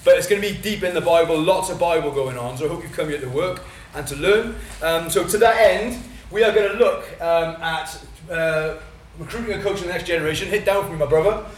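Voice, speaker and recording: Fast-talking Welsh man in an echoey hall. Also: on the high side, slight background noise. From Wales. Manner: fast, excited, with many fillers and restarts. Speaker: church training speaker. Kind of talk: teaching talk at a workshop. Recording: echoey room, mic at a distance.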